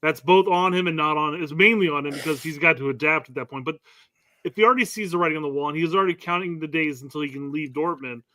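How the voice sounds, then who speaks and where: Bright-voiced man analyzing sports. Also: fairly high pitch, quick pace, dry recording. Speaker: podcast co-host. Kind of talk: casual sports talk.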